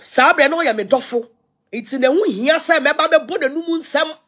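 High-voiced Ghanaian woman, scolding. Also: normal speed, fairly bright tone. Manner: defiant, scolding, repetitive. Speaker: social media personality. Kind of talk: ranting live video.

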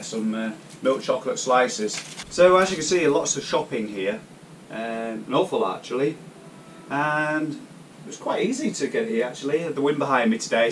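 Uk guy vlogging his shopping haul, lots of uhs, sounds a bit far from the mic, faint hiss. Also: mid-range voice. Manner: rambling, hesitant, many fillers. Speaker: cycling vlogger. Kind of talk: casual vlog. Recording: distant mic, faint background noise.

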